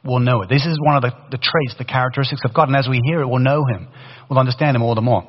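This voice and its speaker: A man preaching a sermon in a lively, conversational way, with a faded British accent and many restarts. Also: medium pitch, rapid-fire, breathy edge. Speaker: pastor. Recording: dull sound in a long-reverb hall.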